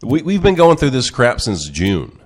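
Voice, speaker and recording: A man's voice: mid-range voice, wildly swooping pitch, normal speed. A man hosting a casual home-studio show, congested from a cold, rambling and self-mocking. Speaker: podcast host. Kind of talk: casual chat.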